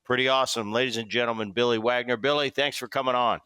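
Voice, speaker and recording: A man hosting a podcast, chatting casually and telling baseball stories with lively quoted voices. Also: medium pitch, fast, clear, resonant tone, no room sound. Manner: storytelling, animated quoting. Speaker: podcast host. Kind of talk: casual interview chat.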